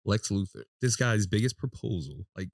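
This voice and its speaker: A man co-hosting a podcast, joking loudly and acting out other people's lines in jumpy voices. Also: on the low side, moderate pace, dry recording, studio quality. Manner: animated joker, acts out quotes in jumpy voices. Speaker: podcast co-host. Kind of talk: casual chat.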